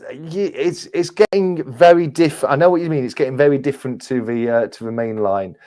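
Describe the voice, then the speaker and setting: A man's voice: mid-range voice, fairly quick, mellow. A man from England with an English accent that has some northern influence, chatting casually as a guest on a livestream panel, laughing often and restarting his sentences. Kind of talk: casual chat.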